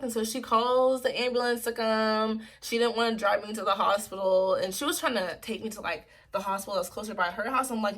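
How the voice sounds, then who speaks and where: A woman's voice: mid-range voice, normal speed, fairly bright tone, soft background music. A woman in her twenties telling a personal story in a casual vlog, rambling and emotional, with lots of "like" and "freaking". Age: 20s. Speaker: vlogger.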